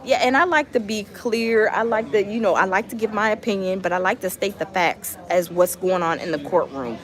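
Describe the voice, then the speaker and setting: A woman hosting a casual live stream, chatting and reading out viewer comments with lots of fillers and animated asides. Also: mid-range voice, a little fast. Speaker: livestream host.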